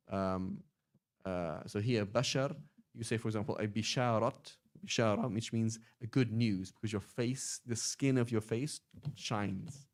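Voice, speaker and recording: English guy teaching arabic grammar, low voice, kinda pedantic, lots of quick examples. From England. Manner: pedantic, explains with lively examples. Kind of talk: online class teaching.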